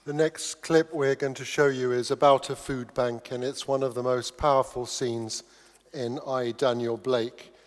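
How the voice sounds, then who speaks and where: Man, event host, monotone, long reverb from far off. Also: medium pitch, unhurried. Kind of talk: introducing a clip. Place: large church hall. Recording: echoey hall from a distance.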